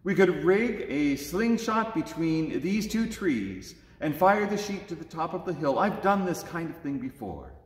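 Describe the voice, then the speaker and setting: A man's voice: a little high, sing-song, unhurried, hardly any pauses. A scrappy, resourceful young boy, voiced by a man reading a storybook aloud. He sounds sure of himself and plainspoken. The words hang in the long echo of a church. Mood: confident. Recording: echoey church with long reverb.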